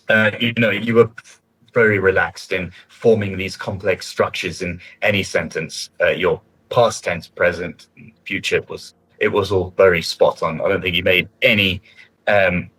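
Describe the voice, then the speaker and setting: Husky low-voiced male examiner. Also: a bit bright, rough recording. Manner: encouraging, conversational, frequent fillers and restarts. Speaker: IELTS speaking examiner giving feedback. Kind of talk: spoken feedback after a mock test.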